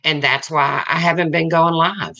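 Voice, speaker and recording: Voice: mid-range voice, steady tone, normal speed, sharp tone. A person in their fifties hosting a livestream, talking bluntly and answering viewers in the chat in a casual way. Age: 50s. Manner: blunt and frank, repeats points. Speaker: livestream host.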